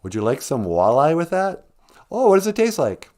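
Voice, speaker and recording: A man's voice: fairly high pitch, wildly swooping pitch, moderate pace, a little mellow, voice pushed up. A man putting on a fussy adult diner with a Minnesotan accent who finds mild food too spicy, talking in a sing-song way.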